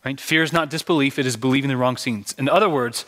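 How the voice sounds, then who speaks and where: A man's voice: mid-range voice, fast, hardly any pauses, fairly bright tone. A male pastor preaching a sermon with earnest, dramatic storytelling. He often repeats words as he starts his sentences. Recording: long hall reverb.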